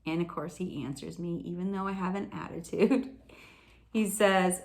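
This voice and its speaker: A woman's voice: lowish voice, fairly even intonation, moderate pace, vocal fry. A woman telling a personal story in a casual, earnest, confessional way, often laughing at herself.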